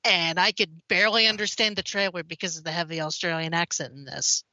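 A woman co-hosts a podcast and reads game news casually, chatting and easily distracted. Her voice is fairly low but bright and forceful. The sound is dry and close. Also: steady tone, fast, no echo, poor audio. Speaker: podcast co-host reading news. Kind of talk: casual chat.

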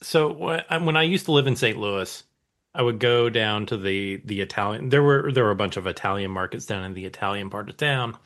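A man's voice: fairly low pitch, fairly quick, fairly bright tone. A man in casual podcast chat, rambling through a story. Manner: rambling anecdotal.

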